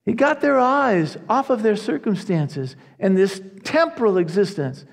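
A man preaching a sermon to his congregation, earnest and animated, often restarting his phrases. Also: sits high, measured pace, creaky, hardly any pauses, long reverb tail. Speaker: pastor.

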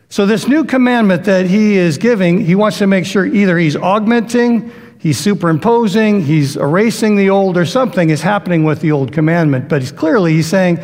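Brief: male preacher, high voice, conversational sermon delivery, long hall reverb. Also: brisk, darkish tone.

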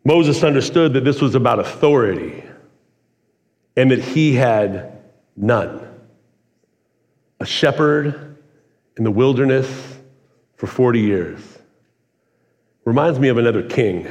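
A man preaching a sermon in a relaxed, conversational way, full of "like" and "kinda.". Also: on the high side, normal speed, long pauses. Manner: casual, conversational preaching with many "like"s. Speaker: pastor. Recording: long hall reverb.

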